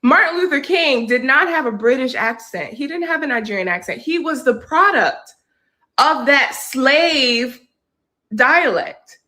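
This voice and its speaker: A woman's voice: high-pitched, animated, measured pace, pushed and bright. A woman giving indignant, argumentative commentary to camera, full of rhetorical questions. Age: adult. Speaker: social media commentator.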